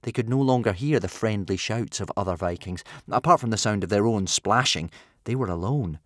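Male audiobook narrator, low voice, animated delivery, dry studio sound. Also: fairly quick, no room sound. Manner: expressive, lively reading. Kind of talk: scripted storybook narration.

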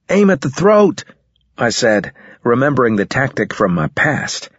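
A man reading a science fiction novel aloud in first person, in a measured, matter-of-fact way. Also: on the low side, breathy edge, no room sound. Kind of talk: audiobook narration, first person. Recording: slightly dull lo-fi recording.

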